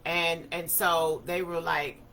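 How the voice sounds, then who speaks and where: A woman, giving an animated personal testimony talk and acting out the quotes as she goes. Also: low voice, slow pace. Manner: animated storytelling, acts out quotes. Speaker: speaker.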